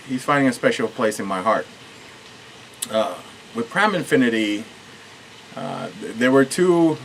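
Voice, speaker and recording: A man's voice: mid-range voice, slight background noise, rough recording. Rambling, earnest man from Puerto Rico. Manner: rambling, earnest, with many restarts and fillers. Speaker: author. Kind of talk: casual behind-the-scenes talk.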